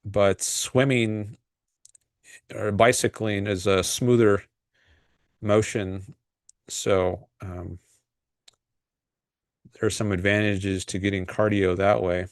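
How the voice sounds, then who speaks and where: Man, livestream host, casual rambling chat, lowish voice, dry close sound, lots of ums and restarts. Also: flat delivery, slow, long pauses, no echo. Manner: rambling and hesitant, frequent fillers and restarts. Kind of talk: casual livestream chat, reading viewer comments.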